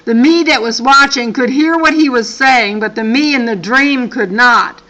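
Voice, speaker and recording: A woman's voice: fairly high pitch, normal speed, bright, forceful tone, rough recording. An older woman and grandmother reading a dream account aloud, breaking off for earnest, apologetic asides. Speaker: channel host.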